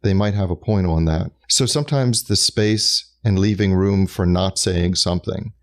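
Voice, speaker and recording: A man's voice: low voice, normal speed. A man co-hosting a podcast, talking in a reflective, joking, rambling way. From North Carolina, US. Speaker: podcast co-host. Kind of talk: casual chat.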